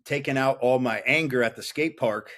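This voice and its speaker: A man's voice: medium pitch, moderate pace, a bit bright. A man in his thirties, a podcast guest, telling his story in a blunt, profane, intense way. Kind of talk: casual interview chat.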